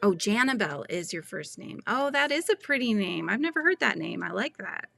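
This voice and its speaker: A woman's voice: medium pitch, very animated, brisk, creaky, pushed and bright, faint music behind. A woman hosting a casual live stream, chatting and giggling as she reads viewer comments aloud. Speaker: livestream host chatting with viewers. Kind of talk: casual live-stream chat while crocheting.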